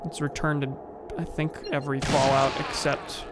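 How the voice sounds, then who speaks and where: A man's voice: mid-range voice, little pitch movement, moderate pace, very noisy. A young man casually commenting on a game he is streaming, wry and a bit rambling. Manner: wry, rambling, self-corrects.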